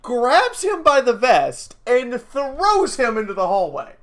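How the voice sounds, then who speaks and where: A woman streamer spins a story to her chat, her voice swooping up and down with lively pitch. She sits a touch high in her register, stumbling and repeating words as she laughs along. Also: takes it slowly. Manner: animated, stammers and repeats words, laughs often. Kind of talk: casual storytelling on a live stream.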